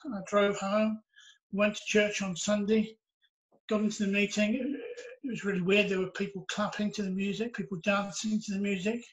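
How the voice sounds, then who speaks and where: High-voiced man telling his story. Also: low-quality recording. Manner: earnest, reflective storytelling. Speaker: interviewee sharing his testimony. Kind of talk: personal storytelling.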